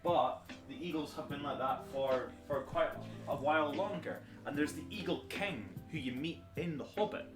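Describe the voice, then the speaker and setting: A man's voice: on the high side, moderate pace. Dry sarcastic man. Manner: dry sarcastic teasing, nerdy tangents. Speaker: streamer's friend. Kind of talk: casual banter. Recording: echoey room, music behind. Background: music.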